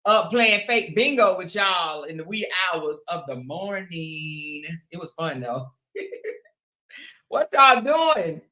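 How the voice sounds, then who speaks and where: A woman with a raspy voice hosting a casual livestream, chatting to her viewers and calling them honey and child. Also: low-pitched, slow, pushed and bright. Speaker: livestream host. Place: at home.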